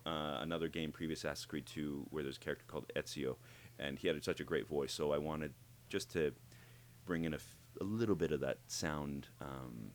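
A man who works as a voice actor, talking in an interview and explaining how he builds his characters, animated and demonstrating as he goes. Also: rumbling low. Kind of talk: interview conversation.

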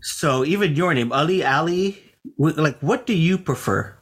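A man's voice: a little high, animated, moderate pace, a bit bright, husky. A man hosting a conversation who asks his guest curious questions. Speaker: host. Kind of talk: interview chat.

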